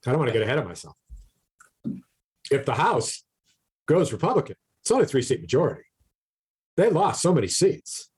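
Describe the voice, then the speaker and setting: A man's voice: medium pitch, big pitch swings, a little fast, long pauses, a little mellow, husky. A man co-hosting a casual podcast, ranting animatedly about politics, swearing freely and often repeating his words. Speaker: podcast co-host.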